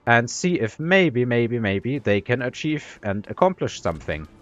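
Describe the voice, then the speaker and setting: A man's voice: medium pitch, sing-song, unhurried. Guy rambling over his strategy game match with his mouth full, lots of uhs and ums, kinda dull lo-fi audio with faint music behind. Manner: rambling, self-deprecating, many fillers and restarts. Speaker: gaming commentator. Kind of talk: casual gameplay commentary.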